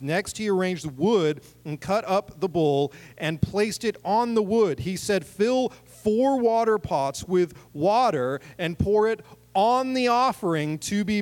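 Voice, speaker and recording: A man preaching a sermon, reading scripture and breaking in with joking, animated asides to the congregation. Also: on the high side. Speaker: pastor. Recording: long reverb of a large hall.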